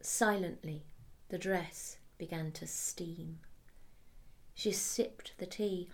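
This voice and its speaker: A woman reading a story aloud at a measured pace, often dropping to a hushed near-whisper. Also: on the low side, steady tone. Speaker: narrator.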